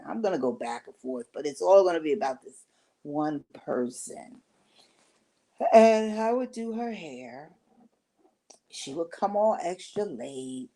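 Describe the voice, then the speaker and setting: Older woman vlogger, deep, dark voice, unhurried storyteller with chatty asides. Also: gravelly. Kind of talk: personal storytelling.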